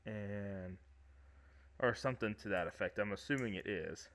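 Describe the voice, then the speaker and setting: A man's voice: fairly low pitch, moderate pace, a bit bright. A man with a Michigan accent, hosting a podcast in casual chat, rambling with lots of fillers and frequent laughs. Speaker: podcast host.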